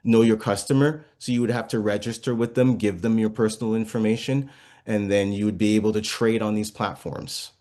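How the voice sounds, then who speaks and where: A man's voice: lowish voice, fairly even intonation, fairly quick, darkish tone. A man answering interview questions, explaining step by step with small restarts. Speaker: guest explaining cryptocurrency.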